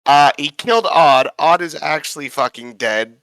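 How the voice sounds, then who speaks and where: A man's voice: a little high, normal speed, fairly bright tone, dry recording. A man recapping a tabletop game session in a rambling, profane, casual way, often fumbling names.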